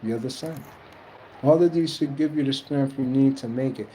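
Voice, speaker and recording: A man's voice: moderate pace, warm tone, slight background noise, poor audio. A man talking casually and earnestly about spiritual journeys to his viewers, rambling and colloquial. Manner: rambling, earnest, colloquial, quotes others in high mock voices. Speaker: spiritual streamer answering chat.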